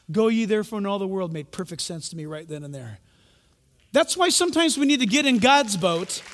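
High-voiced man preaching in a hall. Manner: storytelling with sudden loud outbursts. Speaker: pastor. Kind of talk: sermon. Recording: long hall reverb.

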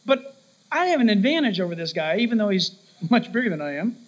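A man preaching a sermon, telling stories with lively shifts of voice and acting out the people in them. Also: high-pitched, fairly quick, lo-fi sound. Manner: animated storytelling, acts out quoted voices.

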